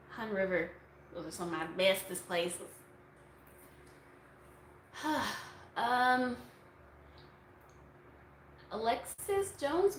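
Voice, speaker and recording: A woman's voice: mid-range voice, fairly bright tone. A young woman chatting casually on a livestream, answering viewer questions in a rambling way with lots of fillers, recorded on a phone. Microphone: phone on a tripod. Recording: echoey room, faint noise.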